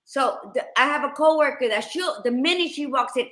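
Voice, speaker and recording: A woman's voice: high-pitched, a little fast, fairly bright tone. A woman co-hosting a podcast, talking bluntly and animatedly and swearing freely. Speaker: podcast co-host. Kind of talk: candid podcast chat.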